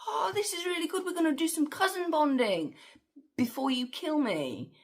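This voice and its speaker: A woman's voice: sits high, animated, moderate pace, pitched above the performer's own voice. A woman voicing a smug young male villain who mocks his cousin in a sing-song, teasing way. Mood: gleeful mocking.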